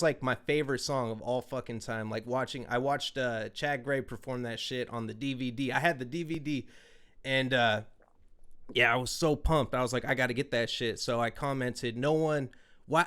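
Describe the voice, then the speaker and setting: Profane animated storytelling man. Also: medium pitch, moderate pace. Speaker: podcast host. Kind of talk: casual chat, storytelling.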